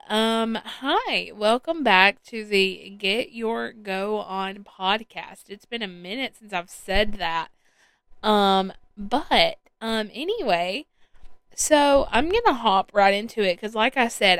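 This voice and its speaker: Slow, rambling woman podcast host. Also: medium pitch, fairly bright tone, clear, resonant tone, no echo. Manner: rambling with many ums and restarts. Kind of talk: casual solo podcast chat. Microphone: headphones with a podcast mic.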